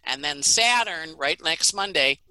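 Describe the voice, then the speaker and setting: A middle-aged woman astrologer giving a casual, animated forecast, laughing at her own stories. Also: low voice, a little slow, no room sound, rough recording.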